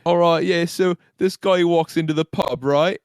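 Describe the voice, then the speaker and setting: A man's voice: on the high side, fairly even intonation, moderate pace, smooth, no room sound, studio quality, pitched above the performer's own voice, lightly acted. A man voicing a scrappy girl posing as a stable boy, with a mock British accent and slangy banter. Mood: chummy.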